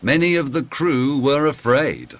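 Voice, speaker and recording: Slow, expressive male narrator. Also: mid-range voice, slight background noise. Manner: slow, clear, expressive reading. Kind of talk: scripted narration of a graded reader.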